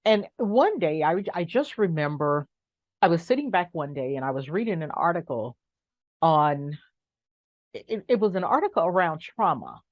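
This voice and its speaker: A middle-aged woman with a lowish voice that swings up and down a lot as she talks. She speaks frankly and with emphasis. The sound is dull and lo-fi in a dry, close space. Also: very animated, normal speed, no room sound. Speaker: guest. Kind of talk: conversational interview.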